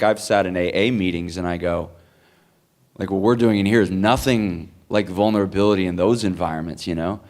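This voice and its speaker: Low-voiced male speaker, earnest and rambling Q&A answers, lots of "like"s. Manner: earnest, rambling, many likes and restarts. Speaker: conference speaker. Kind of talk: Q&A answer, storytelling. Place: conference hall.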